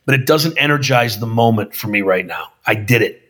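A man with a husky, slightly rough voice talks in a loose, casual podcast chat. He swears often and keeps tossing in dude and brother as he speaks. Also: on the low side, expressive, fairly quick, fairly bright tone. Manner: profane, calls listener dude and brother. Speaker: filmmaker guest.

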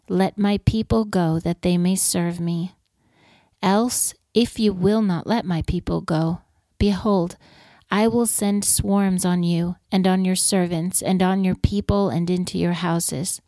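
Woman scripture reader, even and measured, lowish mellow tone, dry close sound. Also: no room sound. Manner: measured, steady reading aloud.

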